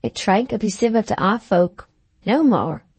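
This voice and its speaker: A woman's voice: mid-range voice, expressive, moderate pace, a little mellow, breathy edge, no room sound. A woman reading the part of an earnest young Scottish man, shy with women, in a plain-spoken audiobook voice close to her own.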